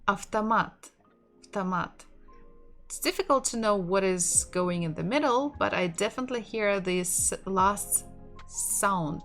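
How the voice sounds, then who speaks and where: Slow, patient Russian-accented woman teacher. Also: medium pitch. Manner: patient, explains slowly, laughs softly now and then. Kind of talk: online language lesson. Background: soft lo-fi music.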